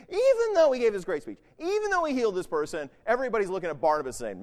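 A high-voiced man preaches a sermon in a casual, conversational style, talking very fast with few pauses and huge swings in pitch. He keeps checking in with "right?", and the recording carries a long hall reverb.

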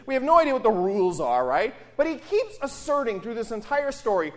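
A man preaching a sermon as a pastor, putting rhetorical questions to the congregation in an animated way. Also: extremely high pitch, a little fast, few pauses. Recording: long reverb of a large hall.

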